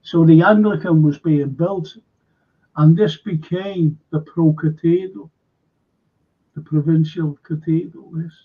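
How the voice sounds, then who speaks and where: This man is a local historian in casual live-stream chat, animatedly voicing the people in his anecdotes. His fairly high, husky voice moves slowly, heard through lo-fi stream audio.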